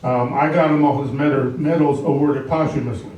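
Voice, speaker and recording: A man doing a stand-up comedy set in a comedy club, delivering deadpan one-liners with pun punchlines. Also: mid-range voice, moderate pace, far from the mic, highs cut off. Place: live comedy club with audience. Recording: echoey club room, mic heard from afar.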